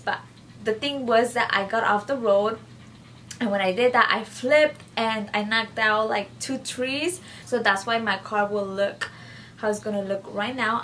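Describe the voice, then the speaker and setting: Bright-voiced young woman telling a story. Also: on the high side, slight background noise. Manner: rambling, many fillers and repeated phrases. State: injured, subdued. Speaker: vlogger. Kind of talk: casual storytime vlog.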